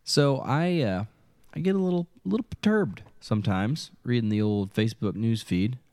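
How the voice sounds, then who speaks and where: A man's voice: medium pitch, lively intonation, normal speed, darkish tone, no echo. A man co-hosting a podcast, chatting casually and rambling with lots of hesitations. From Midwest of the United States. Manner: rambling, hesitant with many ums. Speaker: podcast co-host. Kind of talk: casual chat.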